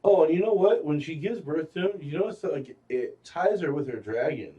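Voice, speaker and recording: A man co-hosting a casual show, chatting loosely and sometimes acting out quotes loudly. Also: on the high side, animated, a little fast, far from the mic, highs cut off. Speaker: podcast co-host. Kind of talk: casual chat.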